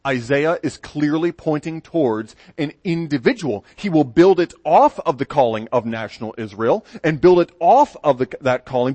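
A man's voice: medium pitch, a little mellow, dry recording. An American man preaching a sermon as pastor, in a conversational, folksy way with asides and restarts. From United States.

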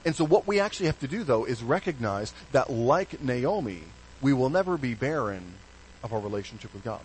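Animated man preaching a sermon. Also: medium pitch, fairly quick, a little hiss or hum, poor audio. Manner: animated, swings between hushed stresses and bright emphasis. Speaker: pastor.

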